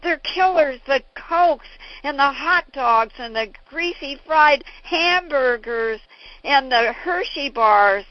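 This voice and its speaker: A woman voicing a fiery older male health lecturer who declaims forcefully, in a dull lo-fi recording. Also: fairly high pitch, lively intonation, takes it slowly, no echo. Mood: booming.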